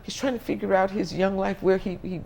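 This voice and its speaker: An interview guest who talks in a reflective, unhurried way, circling back and restarting sentences as they look for the right words. The voice sits at an ordinary middle pitch. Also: steady tone, vocal fry, over a noisy crowd. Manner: thoughtful, searching for words, frequent restarts.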